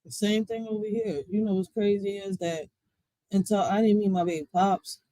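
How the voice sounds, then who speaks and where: A woman's voice: mid-range voice, fairly even intonation, moderate pace, dark tone, no echo, low-quality recording. A woman hosting a reaction video who comments in a blunt, exasperated way and swears. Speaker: reaction channel host. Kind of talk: casual commentary.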